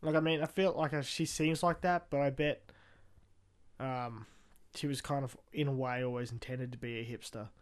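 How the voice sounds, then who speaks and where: A man's voice: mid-range voice, steady tone, normal speed, clear, resonant tone. A young man co-hosting a podcast in casual chat, rambling with hesitations. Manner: rambling, laughs along, hesitant fillers. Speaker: podcast co-host.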